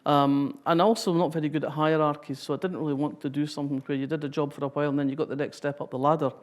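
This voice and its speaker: A woman's voice: deep voice, flat delivery, fast. A Scottish woman in her sixties giving a public talk, reading a passage and then telling wry, humorous anecdotes.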